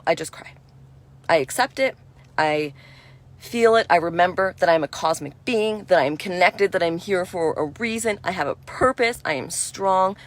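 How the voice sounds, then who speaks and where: A woman giving a spiritual energy talk in a gentle, reassuring and affirming way, chatty with frequent "you know". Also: lowish voice. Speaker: spiritual speaker.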